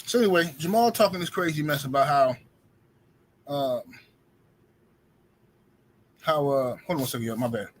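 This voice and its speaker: A man's voice: fairly high pitch, moderate pace, pauses often. A man hosting a casual livestream, ranting in loose slang and greeting his viewers by name. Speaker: livestream host. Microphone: streaming setup mic.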